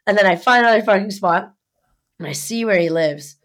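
Young woman co-host, casual, swears freely, mid-pitched, tells heated stories. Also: fairly quick. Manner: profane, heated storytelling. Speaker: podcast co-host. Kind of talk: casual chat.

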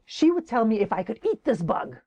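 A woman's voice: on the high side, sing-song, fairly quick, dark tone. A woman voicing an earnest young schoolboy in a storybook, wistful and eager to learn.

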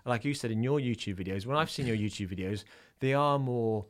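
A man's voice: mid-range voice, fairly quick. A man hosting a podcast, talking casually and hesitantly with many restarts.

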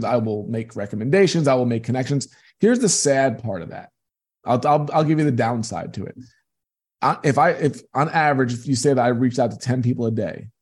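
A man's voice: mid-range voice, darkish tone. A man being interviewed as a guest, telling earnest, emphatic stories about his business. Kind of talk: conversational interview.

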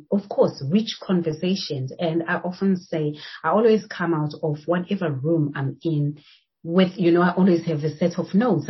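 South african lady hosting a podcast, super husky voice, lots of laughing, kinda dull lo-fi sound. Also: on the low side. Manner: laughs often, animated. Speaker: podcast host. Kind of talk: casual chat.

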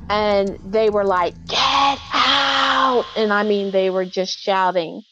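A middle-aged woman appears as a podcast guest, vividly recounting a personal experience and acting out the voices of the people in it during the interview. Her mid-range voice barely moves in pitch and runs a little slow. The audio has its highs cut off over a noisy background.

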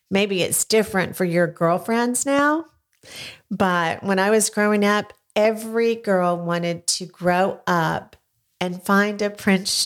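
An older woman hosts a relaxed podcast chat from a small studio, speaking at an ordinary middle pitch. She keeps nudging her guest along with leading questions and little prompts, in a friendly, coaxing manner. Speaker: podcast host. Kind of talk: casual family interview. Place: home studio.

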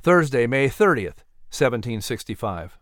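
A man narrating a historical story in a vivid, expressive storytelling manner. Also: medium pitch, moderate pace, dry recording, studio quality.

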